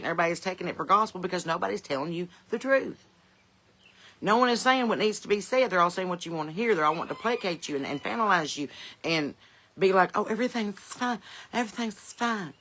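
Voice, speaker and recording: A woman's voice: lowish voice, a bit bright. A woman with a Southern accent, hosting a podcast from her porch in blunt, folksy, profane chat, with chickens clucking nearby. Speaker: podcast host.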